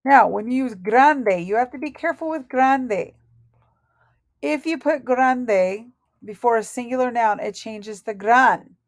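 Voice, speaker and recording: A woman teaching a Spanish lesson from her notes, speaking slowly and deliberately and correcting herself aloud as she goes. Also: fairly high pitch, dry recording. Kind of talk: recorded lesson reading through notes.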